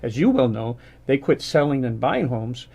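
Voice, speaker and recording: A man's voice: mid-range voice, sing-song, moderate pace, gravelly, warm tone, muffled recording. A man in his fifties, a guest on a radio talk show, telling a rambling story with many restarts. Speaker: guest business owner.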